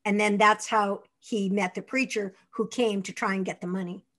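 An older woman whose voice sits at an ordinary middle pitch, speaking as a guest in an interview. She tells stories with relish, laughing easily and putting on little voices for the people she quotes. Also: normal speed. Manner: lively, laughing raconteur acting out quotes. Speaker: actress guest. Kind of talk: anecdotal interview storytelling.

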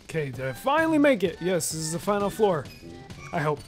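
A man with a high voice talks his way through a video game in relaxed let's-play style. He rambles to himself and drops mild swears. Soft game music plays faintly underneath. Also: fairly quick. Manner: loose, chatty, with mild swearing and self-talk. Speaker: gaming video host. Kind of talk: casual let's-play commentary.

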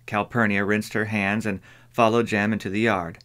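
A man reading an audiobook in measured scripted narration. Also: on the low side. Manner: measured, even storytelling.

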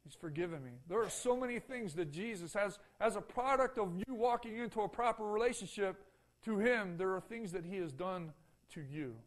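A man's voice: high voice, moderate pace. A man preaching a sermon as pastor in a church, emphatic and full of repeated rhetorical questions to the congregation. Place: church sanctuary.

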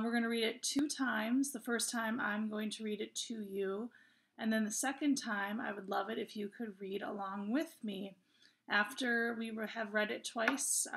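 Kindergarten teacher, female, higher voice, cheerful and encouraging, reads slowly for young children. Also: creaky, a bit bright. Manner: slow, drawn-out reading for kids. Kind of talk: reading a poem aloud to young children.

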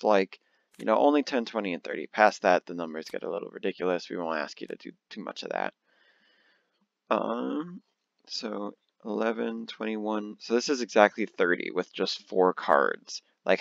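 A man's voice: lowish voice, gravelly, dry recording, lo-fi sound. A young man playing solitaire and commenting casually, muttering card sums to himself and breaking into bursts of exasperation. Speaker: let's play host.

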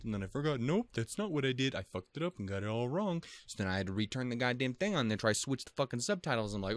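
A man's voice: mid-range voice, expressive, rapid-fire, few pauses, no echo. A man hosting an anime reaction video, rambling casually in a profane, self-deprecating and easily flustered way.

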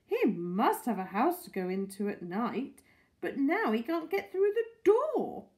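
Doting old lady who squeals with delight, high and swooping all over, a woman puts her on. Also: sing-song, unhurried, darkish tone. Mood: worried. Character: excitable doting older lady, tortoise owner.

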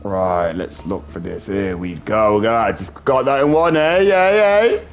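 A man's voice: lowish voice, measured pace, vocal fry, faint music behind. A man casually commentating his gameplay, joking, swearing and bantering with viewers. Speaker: gaming streamer.

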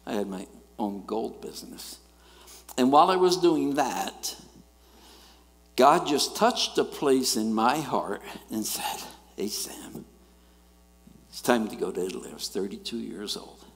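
A middle-aged man, preaching a sermon and telling stories in an animated way, swinging between loud and quiet. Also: lowish voice, a little slow. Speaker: guest preacher. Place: church sanctuary. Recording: church hall reverb.

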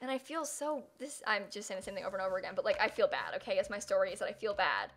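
A woman's voice: medium pitch, big pitch swings, very fast, fairly bright tone. A young woman streaming live, chatting casually and rambling with lots of fillers as she reads chat and thanks viewers.

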